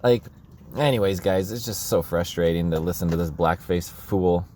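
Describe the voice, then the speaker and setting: A man's voice: sits low, normal speed, heavy background noise. Sarcastic man ranting. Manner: sarcastic, laughing, rambling. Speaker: commentary video host. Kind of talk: casual political commentary.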